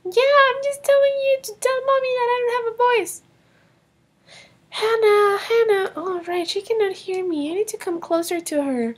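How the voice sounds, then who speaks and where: An anxious little girl with a very high voice. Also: moderate pace. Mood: worried. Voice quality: high, childlike. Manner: worried and pleading. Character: little girl who has lost her voice. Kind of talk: toy film voice acting.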